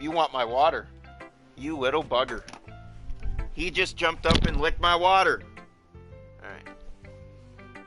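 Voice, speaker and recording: A man's voice: fairly high pitch, unhurried, long pauses, bright, forceful tone, faint music behind. A man doing casual game commentary at home, swearing, laughing and chatting to his cat. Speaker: let's play gamer.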